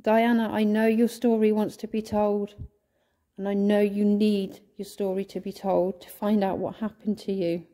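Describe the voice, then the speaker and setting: A woman talks through a ghost-hunting vlog inside a church, calling out in a coaxing, pleading way. Her voice is warm and mellow, and she sounds emotional. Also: medium pitch, little pitch movement, moderate pace. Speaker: ghost hunter vlogger.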